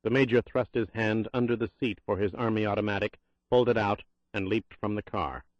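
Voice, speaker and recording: A man narrating a thriller audiobook in a tense, measured reading. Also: fairly low pitch, fairly even intonation, no echo, highs cut off.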